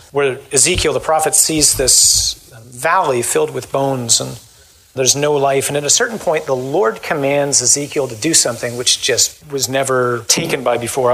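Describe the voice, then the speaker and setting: A man, a Catholic priest, giving a lively talk and then leading a closing prayer, often acting out the voices he quotes. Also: medium pitch, poor audio. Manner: animated, acts out voices in quotes.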